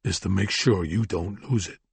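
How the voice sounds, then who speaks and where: A man voicing a grim vigilante archer who speaks in a flat, dead, quietly menacing tone. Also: on the low side, brisk, no room sound, close to an everyday voice. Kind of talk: audiobook character voice.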